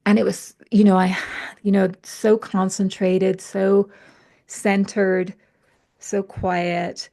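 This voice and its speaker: A woman's voice: medium pitch, flat delivery, slow pace, creaky, dark tone. A woman guest in a casual podcast conversation, telling stories and acting out her inner voices with animation. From UK or Ireland.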